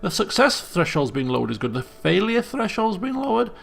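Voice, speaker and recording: A man giving casual let's play commentary, talking to himself as he puzzles things out. His voice is strongly gravelly. It also sits a bit high for a man. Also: big pitch swings, a little fast, fairly bright tone. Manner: thinks aloud, self-questioning, chatty.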